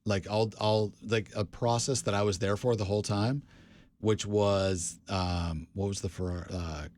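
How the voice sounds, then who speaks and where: A fairly low-voiced man chatting on a podcast. He tells stories loosely, restarting sentences and dropping in "like" and "dude" as he goes. His tone stays casual and easygoing. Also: steady tone, moderate pace, darkish tone. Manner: rambling storyteller, many restarts, says "dude" and "like". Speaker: podcast co-host. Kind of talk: casual chat.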